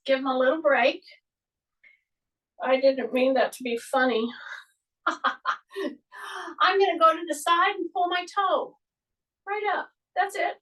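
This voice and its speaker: A woman's voice: high-pitched, bright, forceful tone, far from the mic, low-quality recording. A woman fitness instructor leading a guided workout class, giving repeated breathing and posture cues while she demonstrates the moves. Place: exercise class room.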